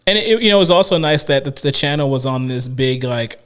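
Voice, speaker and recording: A man's voice: mid-range voice, lively intonation, a little fast, fairly bright tone, clear, resonant tone. A man co-hosting a casual podcast chat, rambling with many restarts and fillers. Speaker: podcast co-host.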